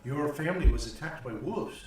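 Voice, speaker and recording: A man voicing a kindly older male village priest, gentle, earnest and halting. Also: on the high side, sing-song, pitched above the performer's own voice. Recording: echoey room from far off.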